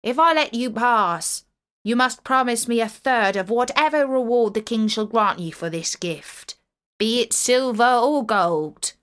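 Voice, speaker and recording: A woman's voice: fairly high pitch, measured pace, a bit bright, clear, resonant tone. A woman voicing a greedy male castle porter who drives a sly bargain. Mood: scheming.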